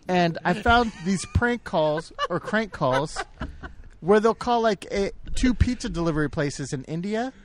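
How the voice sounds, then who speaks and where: A man's voice: high-pitched, expressive, measured pace, noisy background. A man co-hosting a podcast, joking and laughing through casual banter. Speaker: podcast co-host. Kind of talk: casual chat.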